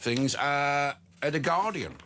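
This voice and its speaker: A man's voice: fairly high pitch, animated, slow pace, bright, forceful tone, slight background noise. A middle-aged man co-hosting a talk show, rambling through anecdotes in a wry, offhand way and reading newspaper headlines aloud. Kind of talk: casual studio chat and reading headlines.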